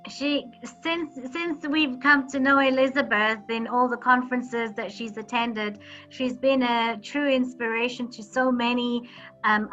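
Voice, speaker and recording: A woman hosts a video call in a bright, forceful voice that sits a little high, and she talks in a chatty, encouraging way. The audio is dull, with faint music behind her. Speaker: host. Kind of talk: online meeting hosting.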